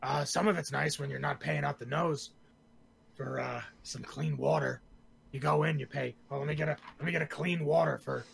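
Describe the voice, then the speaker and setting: A man voicing a blunt wasteland traveler in a tabletop game, speaking haltingly with fillers before dry wisecracks. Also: on the high side, fairly even intonation, vocal fry, breathy edge, full character voice. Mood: wry. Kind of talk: tabletop role-play in character.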